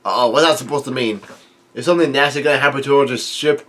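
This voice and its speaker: A man casually reading through and commenting on a comic chapter, halting with fillers and restarts. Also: mid-range voice, a bit bright. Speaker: manga reaction host.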